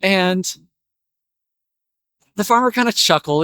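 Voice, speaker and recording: A man's voice: on the high side, animated, moderate pace, fairly bright tone, dry recording, clean studio sound. A man telling a spiritual parable in a casual, chatty way. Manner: casual, chatty narration with fillers. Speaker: storyteller.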